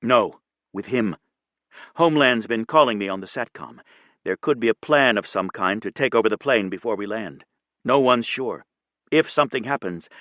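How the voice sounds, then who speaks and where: A man reading a composed female airline captain, quiet and kind but firm. The voice is low and close, with a dry, intimate audiobook sound. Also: no room sound, natural voice. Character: calm, steady female airline captain, ex-military.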